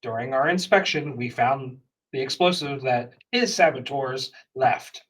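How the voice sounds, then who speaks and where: A man's voice: medium pitch, measured pace, fairly bright tone, recorded from a distance, low-quality recording. A man playing in a tabletop role-playing game, explaining things patiently step by step with a note of exasperation. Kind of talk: tabletop role-play chat.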